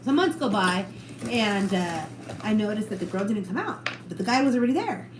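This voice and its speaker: Brisk and mid-range, with big swings in pitch, this woman is a podcast storyteller who voices the characters in her tales and swears freely in casual chat. The room sounds roomy, with noise in the background.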